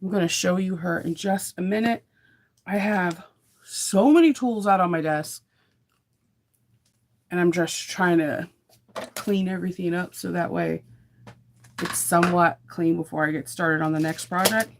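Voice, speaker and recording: A woman's voice: fairly low pitch, unhurried, pauses often, a little hiss or hum. A woman chatting casually in a morning sewing vlog, upbeat and rambling with fillers. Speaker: sewing vlogger.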